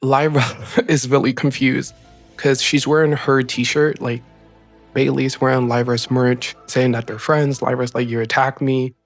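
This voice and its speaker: A man hosting a casual recap show, talking in an excited, rambling way full of "like" fillers. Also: medium pitch, unhurried, faint music behind. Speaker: show host. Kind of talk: casual wrestling episode recap.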